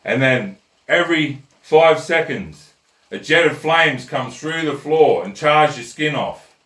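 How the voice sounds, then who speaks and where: A man's voice: a little high, lively intonation, takes it slowly, fairly bright tone. A man, hosting a comic rant with a blunt, crude, conversational manner. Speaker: host. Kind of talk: comic rant and joke telling. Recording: roomy echo, mic at a distance.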